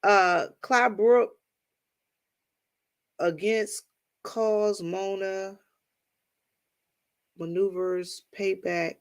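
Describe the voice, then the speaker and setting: A woman's voice: mid-range voice, steady tone, drawn-out words, pauses often. A woman from Washington, D.C. hosting a livestream, chatting casually with viewers and telling stories, calling them y'all. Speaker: livestream host.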